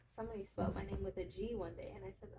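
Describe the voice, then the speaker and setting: A young adult woman, a podcast guest in casual chat, telling lively stories, laughing often and acting out the voices of others. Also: mid-range voice, racing, a crowd in the background. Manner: animated storyteller, laughs often, acts out quotes.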